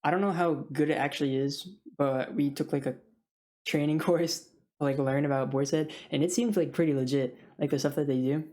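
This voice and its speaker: A woman's voice: low-pitched, steady tone, a little fast, dark tone. A young woman who works in food service rants casually to camera, rambling with many fillers and frequent laughs. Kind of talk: casual vlog rant.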